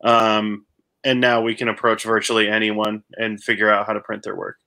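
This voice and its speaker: A man's voice: on the low side, completely flat delivery, moderate pace, sharp tone. A man co-hosting a casual chat, thinking aloud in a musing way. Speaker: co-host.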